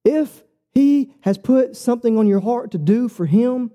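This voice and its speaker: A man's voice: measured pace, dull audio. A man preaching a sermon, telling his own story earnestly and personally. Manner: earnest, personal storytelling with lively shifts in pitch.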